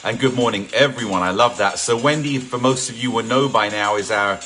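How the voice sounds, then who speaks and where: A man's voice: fairly low pitch, fairly quick, sharp tone. A middle-aged man from England hosting a live home workout session, chatting casually, greeting viewers by name and joking. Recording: faint music in the background.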